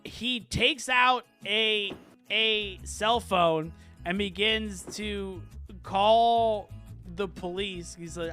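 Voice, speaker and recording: A man with a high, bright voice narrates a comedic tabletop game as its game master. His storytelling is deadpan and drawn out, with faint music playing underneath. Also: very slow.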